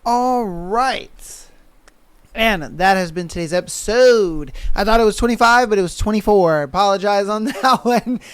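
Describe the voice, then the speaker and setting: A man hosting a podcast, wrapping up casually with relaxed fillers. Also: high voice, measured pace, clean tone, no room sound. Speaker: podcast host. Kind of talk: casual sign-off.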